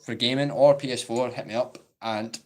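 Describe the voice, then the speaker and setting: A man's voice: mid-range voice, steady tone, moderate pace. A Scottish man in his twenties chatting casually on a live-stream Q&A, rambling and saying "like" a lot.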